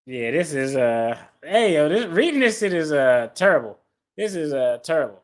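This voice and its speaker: A man's voice: fairly high pitch, sing-song, normal speed. A man giving casual reaction commentary as he reads a legal complaint aloud, blunt and profane, with slangy asides. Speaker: attorney reacting to a lawsuit.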